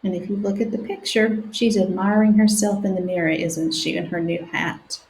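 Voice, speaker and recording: A woman teaching a phonics lesson to young children, sounding out words slowly letter by letter. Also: on the low side, fairly even intonation, vocal fry, a little mellow, a little hiss or hum. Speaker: reading teacher. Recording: echoey room.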